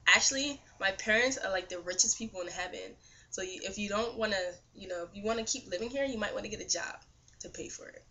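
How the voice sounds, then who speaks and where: A woman voicing a blunt, matter-of-fact girl in a dream story, in a slightly lower and quieter delivery than her own. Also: fast, dull audio, close to an everyday voice.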